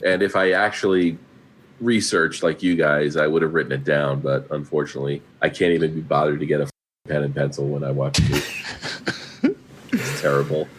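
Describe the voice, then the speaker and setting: A man's voice: extremely low pitch, normal speed, a little hiss or hum. A man guesting on a film podcast, easygoing and self-deprecating as he chats. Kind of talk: casual film-review chat.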